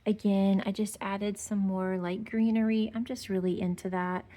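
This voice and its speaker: A woman's voice: medium pitch, level tone, moderate pace, warm tone. A woman giving a chatty, gushing tour of her decorated porch, full of fillers and sweet little remarks. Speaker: home decor vlogger. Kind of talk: casual porch tour narration. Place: outdoor porch.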